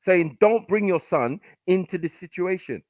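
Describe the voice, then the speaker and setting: A high-voiced man rants aggressively at callers on a live stream, swearing and cutting people off. The sound is dry and dull, like lo-fi stream audio. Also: animated, moderate pace, no echo. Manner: aggressive, profane, shouting down callers. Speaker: podcast host. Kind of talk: heated live panel argument.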